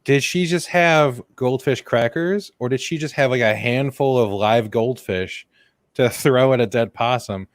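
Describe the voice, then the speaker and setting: Teasing man, quick questions, dry mic. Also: mid-range voice, no room sound. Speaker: podcast co-host. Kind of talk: casual comedic chat.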